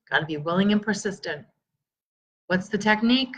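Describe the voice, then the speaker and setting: A middle-aged woman coaches her viewers on a live stream, upbeat and encouraging. She greets people by name as she talks. The sound is slightly dull and lo-fi, with a middle-pitched voice. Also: expressive, fairly quick, long pauses, breathy edge. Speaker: stress relief coach.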